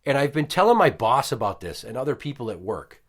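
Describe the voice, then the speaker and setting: Telling a casual story at home, a podcast host in his thirties talks fairly quickly in a mid-range voice with a breathy edge. He swears plenty and acts out the quotes with animated energy.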